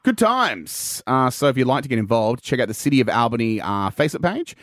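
A man's voice: mid-range voice, very animated, fairly quick, fairly bright tone, dry recording, clean studio sound. A man co-hosting a radio show, trading jokey, teasing banter. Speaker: radio co-host. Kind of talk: casual chat.

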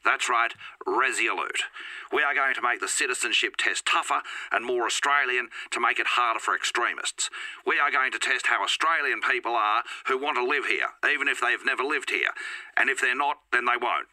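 A man's voice: medium pitch, moderate pace, bright, forceful tone, no echo, rough recording. A man doing a pompous prime minister. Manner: pompous, solemn. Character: pompous male prime minister, middle-aged.

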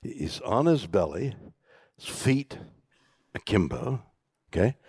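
Older male keynote guest, gravelly and husky, slow and theatrical, with dramatic pauses and whispered asides. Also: lowish voice, big pitch swings, no room sound, studio quality. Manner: dramatic, halting delivery with hushed asides. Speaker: keynote guest in a stage conversation. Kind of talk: storytelling talk to a live audience. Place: conference stage.

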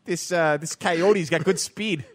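A man's voice: on the high side, unhurried. A man hosting a radio show, in casual sports banter, joking and laughing often.

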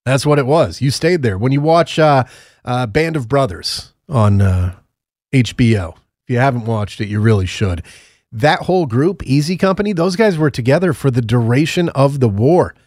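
A man's voice: mid-range voice, lively intonation, moderate pace, darkish tone, dry recording, clean studio sound. A man co-hosting a podcast, chatting casually and telling rambling, joking anecdotes. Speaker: podcast co-host. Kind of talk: casual chat.

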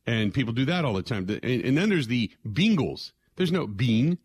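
A man's voice: medium pitch, big pitch swings, brisk, breathy edge, dry recording. An older man from southwestern Ohio hosting a sports radio show, talking casually in a rambling way that circles back on itself with "man, oh man" exclamations.

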